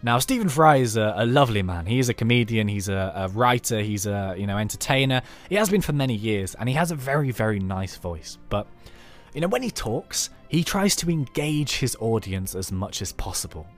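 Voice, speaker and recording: A man's voice: medium pitch, a little fast, faint music behind. A man from the United Kingdom talking through a game in a chatty, rambling let's play. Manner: chatty, animated, rambling asides. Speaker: YouTube let's play host. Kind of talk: casual gameplay commentary.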